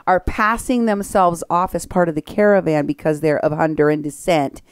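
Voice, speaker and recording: A woman hosting an opinionated political commentary show, talking briskly and sarcastically and laughing at her targets. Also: fairly low pitch, fairly even intonation, clean tone, no room sound, studio quality.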